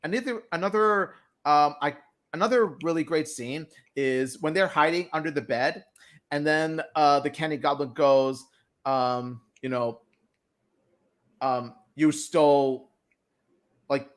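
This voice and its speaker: A man with a somewhat high voice gushes about cartoon episodes in a casual fan review. He talks in bursts full of "like" and "you know," often restarting his sentences. His delivery is eager and animated, as if talking with a friend. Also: a little slow. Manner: excitable, heavy with fillers and restarts. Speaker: fan show co-host.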